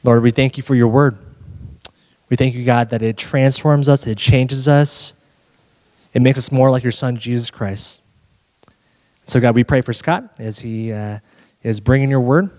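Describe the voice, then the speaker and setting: Man praying softly in a reverberant hall. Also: mid-range voice, measured pace, pauses often. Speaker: church member leading prayer. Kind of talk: spoken prayer.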